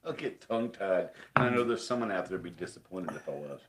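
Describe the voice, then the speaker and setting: A man hosting a podcast and reading out listener questions, chatting in a lively, jokey way and laughing often. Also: deep voice, quick pace. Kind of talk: casual podcast chat.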